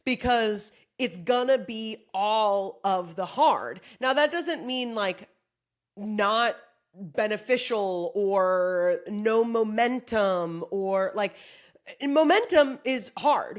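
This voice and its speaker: A woman's voice: medium pitch, lively intonation, slow. Joking, profane woman giving a pep talk. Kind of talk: casual motivational monologue.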